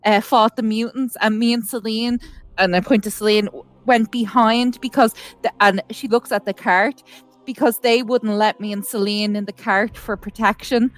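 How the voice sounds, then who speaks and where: A woman's voice: fairly high pitch, steady tone, moderate pace, faint music behind. Woman player recounting events. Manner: rambling, hesitant recount. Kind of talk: in-character tabletop storytelling.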